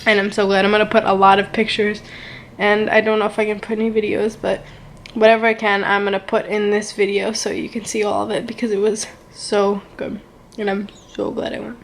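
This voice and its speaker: Gushing young woman with a flat voice. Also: medium pitch, a little fast, a little hiss or hum. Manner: gushing, rambling, heavy use of "like" and "so good". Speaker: vlogger. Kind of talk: casual storytime vlog.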